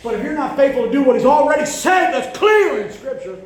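A middle-aged male pastor preaching a sermon, telling stories and repeating words as he builds to shouted lines. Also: very high voice, expressive, a little fast, echoey room. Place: church sanctuary.

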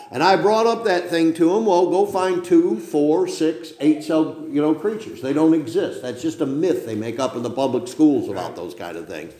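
Older man, pastor mid-sermon, emphatic rambling delivery with "okay?" asides, raised pitch, roomy church sound. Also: darkish tone. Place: church sanctuary.

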